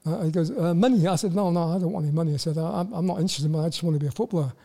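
An older Welsh man speaks in a high, mellow voice. He tells his stories in a halting way, restarting words and leaning on "you know" as he goes. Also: creaky. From Wales. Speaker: guest, former footballer. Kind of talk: casual interview storytelling.

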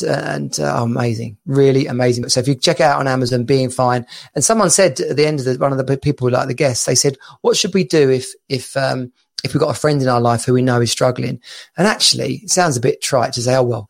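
A man co-hosting a podcast as a dad coach, in casual chat, talking in quick restarts and laughing often, heard over a video call. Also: medium pitch, creaky.

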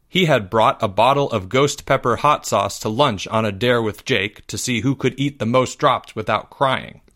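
A man hosting a podcast and reading a children's story aloud in a steady storytelling manner. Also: medium pitch.

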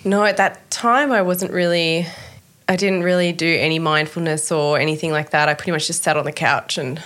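A woman, telling her story in an interview, animated and laughing often as she acts out what people said. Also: sits low, brisk. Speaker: interview guest. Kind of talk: candid conversational storytelling.

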